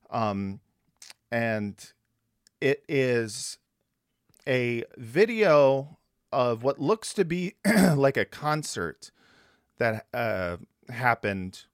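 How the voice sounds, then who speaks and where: A man's voice: mid-range voice, clean tone, no echo, clean studio sound. A man hosting a podcast, talking casually, swearing often and laughing easily. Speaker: podcast host.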